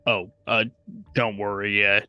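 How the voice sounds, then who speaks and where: A man's voice: fairly low pitch, little pitch movement, measured pace, clean tone, dry recording, dull audio. A man playing his character in a tabletop game, hesitant and full of fillers. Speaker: player.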